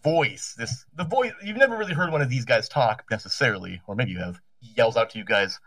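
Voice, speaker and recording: A man's voice: mid-range voice, lively intonation, brisk, a bit bright, no room sound, recorded from a distance. A man running a tabletop role-playing game as game master, describing scenes in a rambling, self-correcting way and laughing often.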